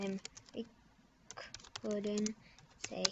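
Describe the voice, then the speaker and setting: A woman's voice: fairly high pitch, heavy background noise. A young woman giggling and mumbling as she records a prank game video, typing at her computer. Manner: giggly, halting, mumbles and trails off. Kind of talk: casual giggly commentary while typing. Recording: dull lo-fi computer mic.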